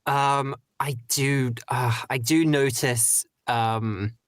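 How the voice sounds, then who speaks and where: British male streamer, casual rambling chat, medium pitch, dry mic. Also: steady tone, very slow, no room sound. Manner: rambling, many fillers and restarts. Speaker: streamer host.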